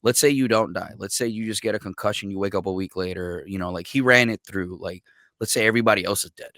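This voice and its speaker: Low-voiced man telling war stories. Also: fast, no room sound, clean studio sound. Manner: profane, animated storyteller who acts out quotes. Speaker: podcast guest, military veteran. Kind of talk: casual storytelling.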